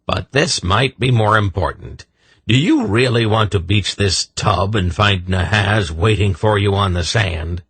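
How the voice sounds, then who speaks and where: A man's voice: lowish voice, unhurried, a bit bright, husky, dry recording, pitched above the performer's own voice, exaggerated voice. Give me a man playing a boastful little hunchback with a teasing brogue. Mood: cocky. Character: gnarled little hunchback sorcerer, cocky.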